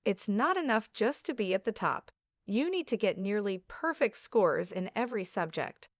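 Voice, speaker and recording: A woman's voice: medium pitch, animated, moderate pace, no room sound, clean studio sound, lightly acted. A woman reading the lines of a harsh, demanding mother who scolds sharply. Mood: scolding.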